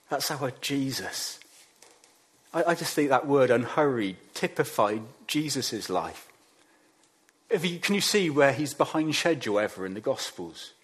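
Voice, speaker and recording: A man preaching a sermon, acting out quoted voices and dropping to quiet emphasis on key lines. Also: mid-range voice, breathy edge.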